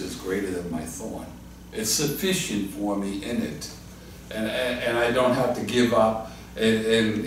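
A male pastor teaching a Bible study in earnest, restarting and repeating phrases, dropping lower and softer when he quotes God. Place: church hall. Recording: echoey church room from a distant mic, faint noise.

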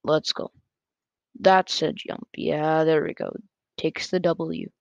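A gaming YouTuber giving casual, excitable play-by-play commentary on a close mic that picks up breathing, with quick self-corrections. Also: medium pitch, creaky, no room sound. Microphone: close desk mic picking up breath. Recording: dull lo-fi dry sound.

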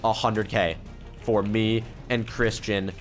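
A man hosting a gaming channel, giving excitable, exclamatory commentary as he plays and reading other players' chat aloud in his own voice. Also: on the low side, takes it slowly, faint music behind. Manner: excitable, exclamatory, keeps repeating "oh my goodness". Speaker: YouTuber gaming host. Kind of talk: let's-play gameplay commentary.

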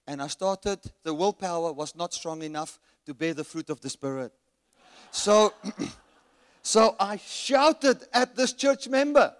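A man preaching a sermon at a church camp, telling a story and rising to shouts as he reenacts his anger. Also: high voice, unhurried. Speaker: guest preacher. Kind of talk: sermon with anecdote. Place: resort hall at a church camp. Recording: long reverb of a large hall.

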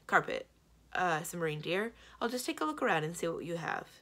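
A woman voicing a brisk, fussing, motherly female giant. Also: lowish voice, sing-song, a bit bright.

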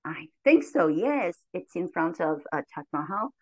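A woman leading an English lesson for very young learners, cheerful and slow, her voice jumping high on the commands. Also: big pitch swings, a little mellow, no echo, rough recording. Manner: cheerful, slow and clear, with big pitch jumps on commands. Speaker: teacher trainer leading a model lesson. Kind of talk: lively classroom teaching to young children.

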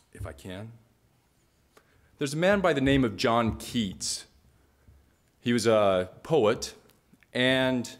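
Man retelling a myth dramatically. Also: mid-range voice. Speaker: speaker. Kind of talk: storytelling talk.

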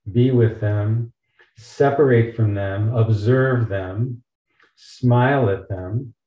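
A man who is a physician, explaining pain therapy patiently on an online panel, with gentle, caring examples. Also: fairly low pitch, echoey room, highs cut off.

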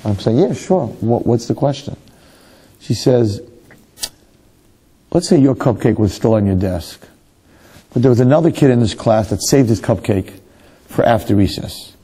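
Husky mellow-voiced rabbi telling a story. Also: male voice, medium pitch, normal speed, long pauses. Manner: animated storytelling with rhetorical questions; self-mocking. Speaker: rabbi giving a lecture. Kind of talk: storytelling Torah lecture.

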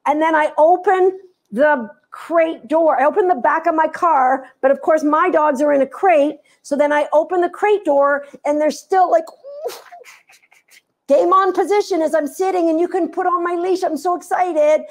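A woman dog trainer giving an instructional talk, animated and playful as she tells stories. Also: high voice, normal speed.

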